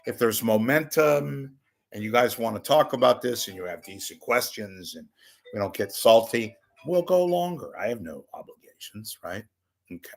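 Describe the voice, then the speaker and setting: A man's voice: on the low side, sing-song, moderate pace, vocal fry. Profane, wisecracking male talk host. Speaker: host of a call-in show. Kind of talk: casual rambling monologue.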